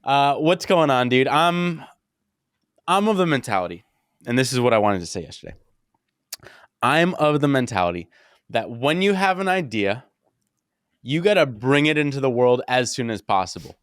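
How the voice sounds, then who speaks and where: A man's voice: medium pitch, sing-song, normal speed, long pauses, fairly bright tone, clean tone, no room sound, clean studio sound. A young man co-hosting a podcast in casual chat, rambling and joking with playful analogies. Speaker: podcast co-host.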